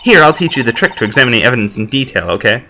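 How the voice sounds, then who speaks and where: A man's voice: mid-range voice, sing-song, racing, creaky, sharp tone, slight background noise, exaggerated voice. A man voicing an eager young woman detective who loves science, in a bubbly, lecturing manner. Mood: excited.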